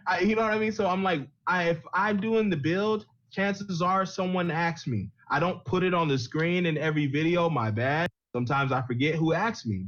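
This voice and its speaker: A man's voice: on the high side, fairly bright tone, muffled recording. A man co-hosting a casual gaming podcast, rambling and laughing easily as he talks. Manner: laughs often, easygoing, rambling. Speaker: gaming YouTuber and podcast co-host.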